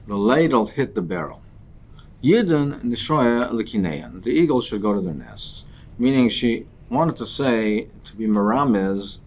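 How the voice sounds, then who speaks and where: A man giving a daily Talmud lesson, translating Aramaic phrases into English line by line in a halting way, with restarts. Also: fairly low pitch. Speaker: Talmud teacher.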